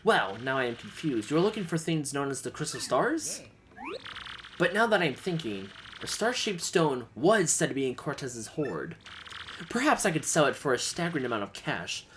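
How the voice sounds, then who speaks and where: A man's voice: on the high side, very animated, normal speed, fairly bright tone, a little hiss or hum. Man hamming up a boastful flamboyant trader. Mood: grandiose. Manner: grandiose, dramatic, self-praising. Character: pompous flamboyant male trader, boastful and theatrical.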